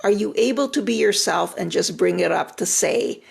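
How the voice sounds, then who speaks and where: A woman's voice: medium pitch, expressive, normal speed, creaky, hardly any pauses, breathy edge. An older woman, a retired relationship therapist, giving direct, reassuring advice on a live stream and often repeating her phrases.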